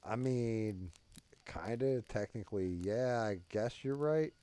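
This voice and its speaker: A man's voice: fairly low pitch, takes it slowly, mellow. A man hosting his own game stream, chatting loosely and cursing as he rambles. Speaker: streamer host. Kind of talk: casual stream chat.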